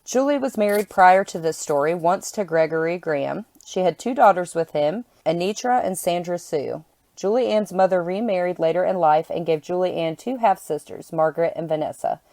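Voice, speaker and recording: A woman's voice: on the low side, expressive, moderate pace, darkish tone, no echo. A woman co-hosting a true crime podcast, chatting casually and then reading case background steadily. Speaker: podcast co-host and storyteller.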